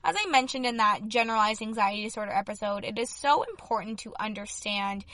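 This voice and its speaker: A young adult woman hosting a podcast in chatty, upbeat talk, her voice slightly hoarse. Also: medium pitch, quick pace, sharp tone, no echo. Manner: chatty and upbeat, many fillers. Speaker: podcast host. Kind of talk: casual solo podcast talk.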